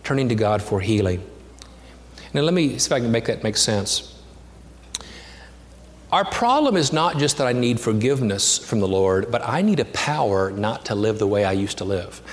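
A pastor preaching a sermon, telling a childhood story, climbing to animated peaks and sinking to a hushed near-whisper. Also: male voice, on the low side, normal speed. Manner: storytelling, rising to animated peaks with self-deprecating humor; drops to a hushed near-whisper on intimate lines. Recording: long hall reverb, faint background noise.

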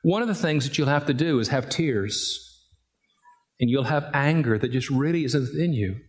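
A man's voice: mid-range voice, animated, normal speed. A middle-aged man preaching a sermon, telling a family story and building to emphatic rising peaks. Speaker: pastor.

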